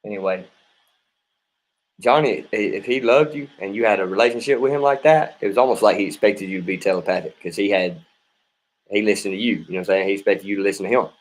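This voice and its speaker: A man with a very low voice tells a personal story at a quick clip. He rambles, doubles back and keeps checking in with his listener. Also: poor audio. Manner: casual and rambling, keeps adding "you know what I mean".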